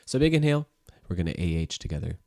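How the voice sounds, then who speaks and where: A man with a very deep, gravelly voice leads a voice-exercise session as a sound therapist. He talks in an easygoing, meandering way, leaning on fillers as he explains. The sound is dry and close, with almost no room around it. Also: sing-song, fast, warm tone, no echo. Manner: easygoing, rambling, filler-heavy. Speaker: music teacher and sound therapist. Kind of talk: guiding a voice exercise.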